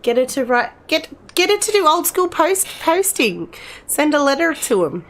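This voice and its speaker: A woman's voice: sits high, sing-song, normal speed, fairly bright tone, slight background noise. A middle-aged woman commenting casually on a game, chatty and rambling, speaking to the characters as if they were friends. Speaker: gamer playing and commenting.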